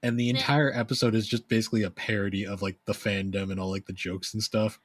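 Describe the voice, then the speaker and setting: A young man co-hosting a podcast, telling stories in a rambling, animated way. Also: on the low side, fast, no room sound. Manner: rambling, animated storytelling with laughs. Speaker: podcast co-host. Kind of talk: casual chat.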